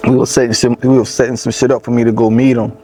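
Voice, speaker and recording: A young man with a Louisiana accent tells his story in a casual sit-down interview. His voice is mellow and relaxed, and his talk is loose and rambling. A faint hiss of background noise sits under the recording. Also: mid-range voice, fast. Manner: loose, rambling, lots of "you know what I'm saying". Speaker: rapper being interviewed.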